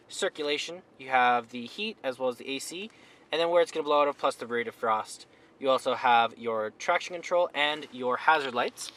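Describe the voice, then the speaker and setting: A man's voice: mid-range voice, pushed and bright. Young man, friendly dealership salesman, casual on-camera walkaround, light outdoor noise. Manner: friendly, upbeat, plain-spoken with small slips. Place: outdoors at a car lot and inside a vehicle.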